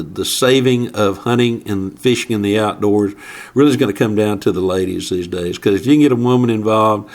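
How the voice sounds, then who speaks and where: A man, a guest outdoor writer, telling hunting stories in a casual podcast conversation and acting out his anecdotes. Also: lowish voice. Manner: animated storyteller who acts out anecdotes.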